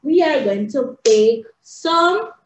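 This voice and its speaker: A woman teaching young children in a sing-song, excitable way, recorded indoors. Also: high-pitched, slow pace, a little hiss or hum. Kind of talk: animated lesson for young children. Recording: roomy, slightly dull home video.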